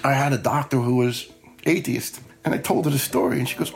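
A man's voice: medium pitch, animated, quick pace, vocal fry, soft background music. A middle-aged firefighter telling his own story in a blunt, heartfelt, conversational way. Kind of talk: personal storytelling.

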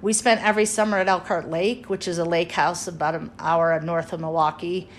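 A woman's voice: lowish voice, steady tone, a little fast, slight background noise. A woman in her fifties from Wisconsin, one of five siblings, fondly recalling her mother and family trips in an interview. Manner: warm, fond recollection with fillers and acted-out quotes.

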